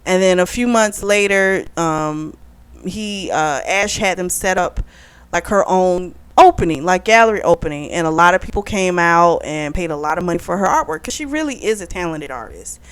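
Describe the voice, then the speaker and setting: A woman recapping a novel's plot in a casual, animated way, full of "like" and "you know". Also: fairly low pitch, normal speed, clean tone. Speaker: book club reviewer.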